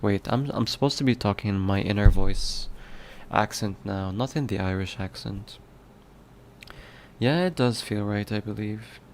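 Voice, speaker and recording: A man's voice: fairly low pitch, measured pace, darkish tone, a little hiss or hum. A man who develops games, musing aloud to himself in a casual working vlog and chuckling at himself. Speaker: game developer.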